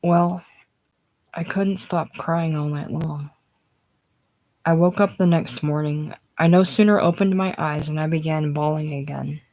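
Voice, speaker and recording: A woman voicing a chatty, excitable young woman who rattles on about her stage triumph, in a casual script reading. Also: low voice, unhurried, low-quality recording. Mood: gushing. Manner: rattles on breathlessly, gushing.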